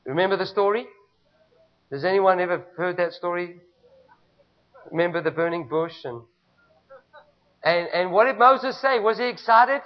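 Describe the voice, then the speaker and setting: A man's voice: high voice, normal speed, long pauses. A male pastor with a South African accent preaching a sermon in a church, emphatic and repetitive, calling on the congregation to respond. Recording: dull lo-fi recording.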